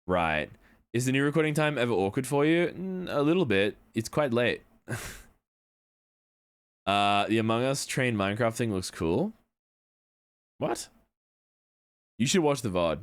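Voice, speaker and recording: Young adult male streamer, casual rambling chat, animated swings in pitch, clear resonant tone, loose with the swearing. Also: unhurried, long pauses.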